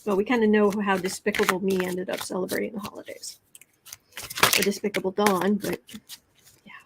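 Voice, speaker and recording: A woman hosting a casual tarot livestream, talking in a halting way with many ums and restarts, blunt and sarcastic. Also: medium pitch, level tone, heavy background noise. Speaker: tarot and astrology livestream host. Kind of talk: casual political commentary livestream.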